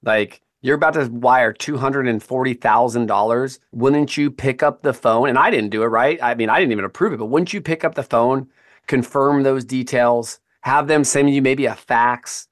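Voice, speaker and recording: A man hosting a podcast, telling stories in a casual, animated way and often checking in with "right?" and "man". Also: medium pitch, normal speed. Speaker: podcast host.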